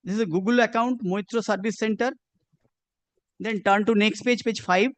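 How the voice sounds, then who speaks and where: A male advocate presses his case in a courtroom with a strikingly high voice. He speaks in a formal, insistent way and keeps addressing the bench. The sound is dry and close, with almost no room around it. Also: steady tone, moderate pace, no room sound. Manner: insistent, repeats "my lord" constantly. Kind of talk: courtroom legal argument.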